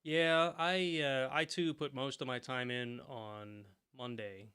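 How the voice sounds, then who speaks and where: A man's voice: mid-range voice, steady tone, takes it slowly, sharp tone, clear, resonant tone. A man co-hosting a podcast in casual chat, telling stories and laughing often. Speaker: podcast co-host.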